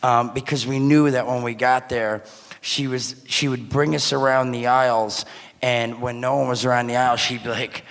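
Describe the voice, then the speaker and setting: Man, gravelly voice, rambling casual storytelling, long reverb around him. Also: medium pitch, normal speed. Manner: rambling, animated, acts out quoted voices. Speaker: podcast co-host.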